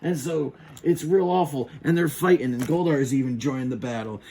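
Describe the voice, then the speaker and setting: A man's voice: medium pitch, brisk, slight background noise. A man playfully retelling a show with action figures, doing voices and sound effects. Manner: animated, does silly voices and sound effects.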